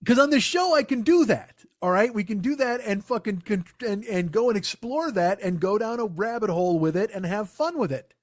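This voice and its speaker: A man's voice: high-pitched, lively intonation, fairly quick, hardly any pauses. Profane middle-aged man telling a story. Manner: profane, rambling anecdotal delivery. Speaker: podcast host and comedian. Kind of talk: comedic storytelling chat.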